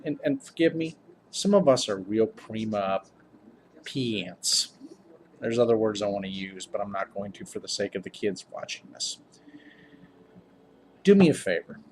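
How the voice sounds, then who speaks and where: A man's voice: fairly low pitch, a little hiss or hum. A tired man, a game master, giving casual tips to camera in a rambling, upbeat way. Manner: rambling, self-interrupting, upbeat.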